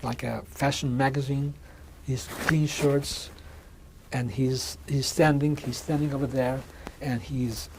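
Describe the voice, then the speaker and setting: A man in his sixties giving a measured oral history testimony in an interview, often restarting and repeating words as he speaks. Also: medium pitch, steady tone, background noise. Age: 60s. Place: museum interview room.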